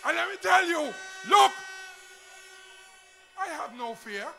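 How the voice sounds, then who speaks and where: A man with an Antiguan accent giving a loud, emphatic political rally speech to a crowd. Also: extremely high pitch, lively intonation, slow pace, creaky, a little hiss or hum. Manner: shouting, emphatic, rousing crowd.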